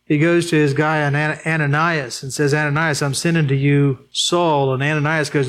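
Male pastor, sermon delivery, higher-pitched voice, rhetorical questions, emphatic swings from urgent to hushed. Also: flat delivery, normal speed, few pauses. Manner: emphatic, rising to high urgent peaks then dropping low and quiet; addresses the congregation with rhetorical questions.

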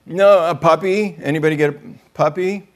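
A man's voice: fairly high pitch, moderate pace. A man preaching a conversational sermon, joking with the room and acting out quotes in other voices. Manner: joking, chatty, acts out quotes.

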